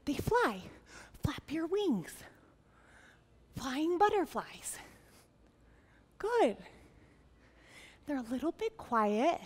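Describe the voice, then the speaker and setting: A woman's voice: sits high, darkish tone. A young woman leading a yoga class for children, playful, sing-song and encouraging, with animal sounds. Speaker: kids yoga teacher. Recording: long reverb in a large room.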